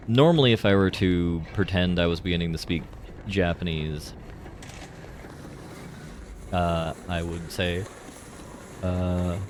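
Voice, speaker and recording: Low-voiced man rambling over gameplay. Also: a little hiss or hum. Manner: rambling and jokey, heavy on fillers. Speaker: streamer. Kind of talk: casual live gameplay commentary.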